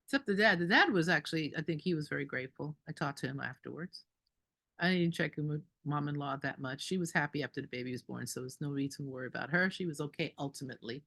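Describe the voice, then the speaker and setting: A woman doula telling a story at a group meeting, animated and indignant, laughing between lines. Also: sits low, fast talker, creaky.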